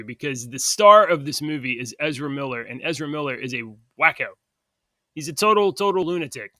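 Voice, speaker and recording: Bright-voiced chatty man, dry close sound. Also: a little high, no echo. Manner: rambling, chatty, laughs between points. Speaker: podcast co-host. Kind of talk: casual chat.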